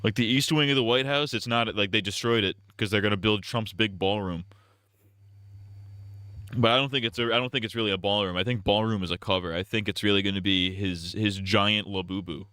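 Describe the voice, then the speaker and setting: A man's voice: fairly low pitch, brisk, bright, forceful tone, clean tone, dry recording, studio quality. A young man streaming a game, chatting casually in a rambling, joking way with stammered restarts, on earbuds.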